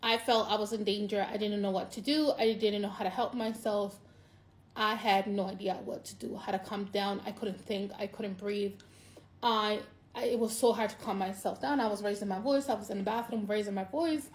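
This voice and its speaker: A vlogger delivers a personal monologue, emotional and near tears, halting and repeating herself. Her mid-range voice keeps fairly even intonation but jumps up when she is moved.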